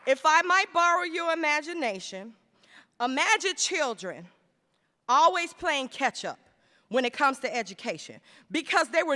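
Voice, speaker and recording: A woman delivers a conference speech from a podium microphone, rhetorical and emphatic, slowing to land her key phrases. Her voice sits high and rings bright. The sound carries the long tail of a large hall. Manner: rhetorical, emphatic with slowed stresses. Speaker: conference speaker. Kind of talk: plenary speech. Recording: reverberant hall.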